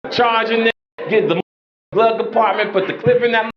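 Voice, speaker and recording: Man in his sixties, crude stand-up comedian, lively pitch, loud laughing audience, room echo. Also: normal speed, over a noisy crowd. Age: 60s. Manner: brash, crude, animated storytelling. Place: comedy club stage. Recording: roomy, muffled club sound. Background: loud audience laughter and noise.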